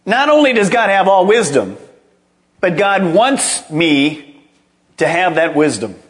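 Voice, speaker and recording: A man's voice: high-pitched, big pitch swings, takes it slowly. A middle-aged male pastor preaching a sermon, emphatic and calling on the congregation to repeat phrases after him. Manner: emphatic, calls for congregation responses.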